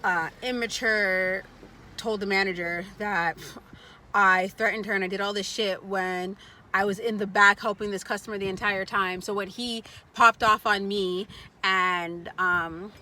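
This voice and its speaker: A woman's voice: mid-range voice, steady tone, measured pace, bright, forceful tone. A young adult woman vlogger telling a casual story, blunt and profane, acting out what other people said.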